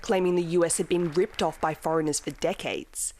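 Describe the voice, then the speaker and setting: A woman delivering a scripted news report in crisp, steady narration. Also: on the low side, fairly quick, slight background noise.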